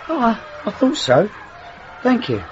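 An actor playing a gentle, reassuring schoolteacher who gets flustered when he is rushed. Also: very high voice, wildly swooping pitch, exaggerated voice. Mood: friendly. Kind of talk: television drama acting. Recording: dull lo-fi TV sound, faint hiss.

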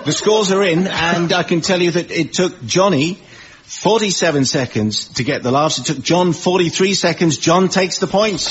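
A man hosting a comedy panel show, announcing scores and asking questions in a brisk, wry way. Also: on the high side. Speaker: quiz host. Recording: muffled with background noise.

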